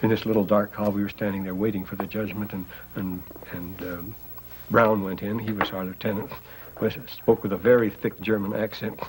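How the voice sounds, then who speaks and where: A man's voice: on the low side, normal speed, a little hiss or hum, poor audio. Older man telling war stories. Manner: animated storyteller, chuckles while talking. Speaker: interviewee. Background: music score.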